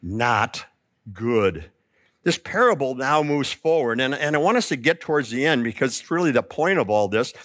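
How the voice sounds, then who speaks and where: Animated preacher man. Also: medium pitch, normal speed, dry recording, clean studio sound. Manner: animated storytelling, acting out quoted lines. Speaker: pastor. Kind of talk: sermon.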